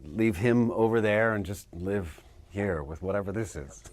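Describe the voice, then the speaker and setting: A man, an actor, answering interview questions in an animated way, laughing often and dropping into character voices. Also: on the low side, measured pace, no echo.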